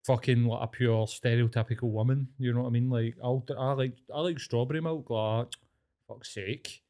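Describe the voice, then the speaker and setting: A man's voice: mid-range voice, moderate pace. A young Scottish man co-hosting a podcast, swearing a lot as he rants in casual chat. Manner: sweary, ranting, animated. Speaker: podcast co-host.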